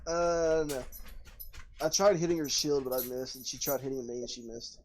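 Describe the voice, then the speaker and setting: A man at a tabletop game table with an ordinary mid-range voice. He talks in a relaxed, casual way and is quick to explain himself when blamed. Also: medium pitch. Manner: defensive, quick to excuse himself. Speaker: player.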